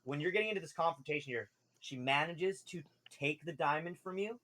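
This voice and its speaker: A man's voice: a little high, brisk, bright, forceful tone. A man narrating as game master of a tabletop game, joking and laughing with the players. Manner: jokey, laughs a lot.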